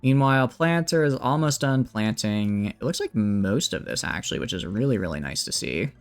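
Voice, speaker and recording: Male streamer, lively chatty commentary with a swinging voice, faint game music behind. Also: medium pitch, moderate pace. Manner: chatty, thinks aloud, greets chat. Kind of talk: casual gameplay commentary.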